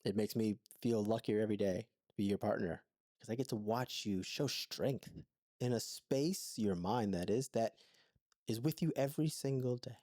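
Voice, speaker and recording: A man's voice: fairly low pitch, normal speed, mellow, dry recording, studio quality. A man co-hosting a podcast, telling his story in an earnest, thoughtful way in an intimate conversation. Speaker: podcast co-host.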